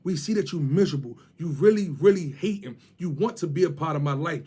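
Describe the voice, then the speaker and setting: A man's voice: a little high, animated, brisk, warm tone, breathy edge. A man with a Washington DC area accent, ranting and mocking someone to camera in heavy street slang, repeating his jabs. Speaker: vlogger.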